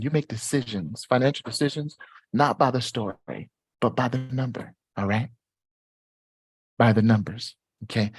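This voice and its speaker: A man hosting a live Q&A stream, talking in an animated, repetitive way and jumping up high in pitch when excited. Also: normal speed, pauses often, breathy edge, no room sound, studio quality. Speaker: host.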